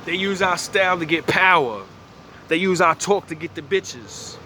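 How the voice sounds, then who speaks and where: A man's voice: sits high, normal speed, sharp tone, slight background noise. A man giving a blunt, profane, rambling opinion monologue outdoors by a street. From United States. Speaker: vlogger.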